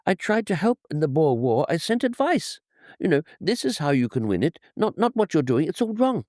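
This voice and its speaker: A man's voice: a little high, big pitch swings, moderate pace, darkish tone, no echo, clean studio sound, pitched above the performer's own voice. A man putting on a gushing, stammering old emperor. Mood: gushing, aggrieved. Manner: rambling, pleading, self-pitying, stammering. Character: blustering boastful German emperor, male, wounded.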